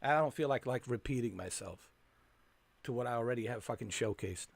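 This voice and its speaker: A man's voice: mid-range voice, a little fast, creaky. A man live-streaming a flight game, fuming and ranting with constant swearing at the game.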